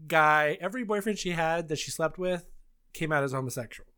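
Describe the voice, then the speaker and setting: A woman in her thirties hosting a casual podcast chat, telling stories in an animated way with frequent laughs and sudden high squeals. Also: brisk, clear, resonant tone. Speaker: podcast host.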